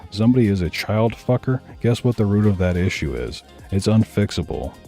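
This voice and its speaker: Blunt, deep-voiced male streamer ranting. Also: big pitch swings, fairly quick, dark tone, soft background music. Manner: blunt, profane, heated. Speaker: streamer reacting to videos. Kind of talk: casual ranting commentary.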